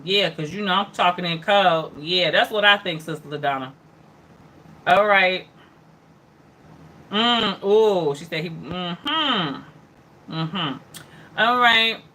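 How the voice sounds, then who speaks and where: A woman's voice: lowish voice, lively intonation, slow, pauses often, sharp tone. A woman hosting an online news hour, reading headlines aloud and reacting in a loose, chatty way, with lots of mm-hmms and asides to viewers. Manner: greets and answers viewers by name. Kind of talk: casual livestream headline commentary.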